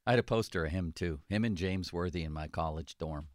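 A man, a sports journalist, chatting casually about sports in a lively, joking way. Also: sits low, no echo, clean studio sound. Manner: lively, joking, quick to laugh.

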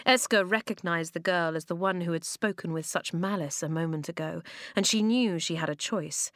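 Woman, storybook narrator, measured expressive reading, lowish voice, dry close sound. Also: dry recording. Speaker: audiobook narrator. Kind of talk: scripted narration.

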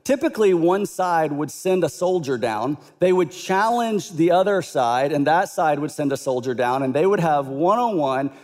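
A man preaching a sermon, telling the story in an animated, conversational way, with long hall reverb. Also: fairly high pitch, normal speed, few pauses. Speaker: pastor.

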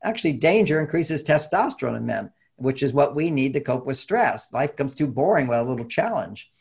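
A middle-aged man, a therapist, telling a personal story in a lively way and acting out the lines of the people in it. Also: mid-range voice, a little fast, gravelly, husky. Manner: animated storytelling, acting out quotes. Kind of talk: storytelling talk.

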